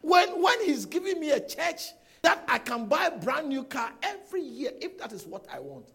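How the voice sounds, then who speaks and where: High gravelly preaching man. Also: very animated, moderate pace, fairly bright tone. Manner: emphatic, repeats phrases and asks rhetorical questions. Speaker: pastor. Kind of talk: sermon. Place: church service before a congregation.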